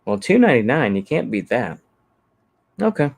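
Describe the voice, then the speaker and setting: A Texan man hosting his own livestream chats casually, rambling in an easygoing way and thinking out loud with plenty of fillers as he responds to comments. His mid-range voice swings widely in pitch at a moderate pace, sounding gravelly and husky.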